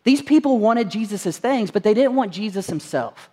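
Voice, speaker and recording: A male pastor in his thirties preaching a sermon, animated and conversational, acting out quotes. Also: high-pitched, moderate pace.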